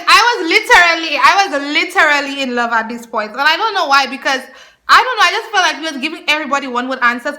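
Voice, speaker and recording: A young woman telling a personal story to her camera, chatty and animated, breaking into laughter often. Her voice sits high and sounds bright and clear. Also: slight background noise. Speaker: vlogger. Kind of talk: storytime vlog.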